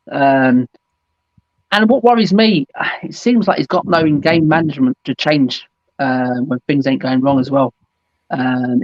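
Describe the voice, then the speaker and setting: A man's voice: fairly high pitch, darkish tone, no echo. A man hosting a fan call-in show, chatting casually and saying "mate" and "absolutely" a lot. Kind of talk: casual football chat. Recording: dull dry lo-fi sound.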